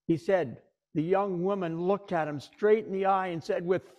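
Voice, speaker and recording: Man, pastor, sermon, higher-pitched voice, dramatic retelling, middle-aged. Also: fairly even intonation, normal speed, hardly any pauses, a little mellow.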